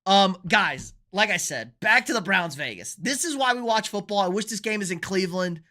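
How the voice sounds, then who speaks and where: A man's voice: sits high, expressive, normal speed, pushed and bright. A young man hosting a live sports stream, chatting casually and rambling through football picks while answering viewer comments. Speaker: sports show host.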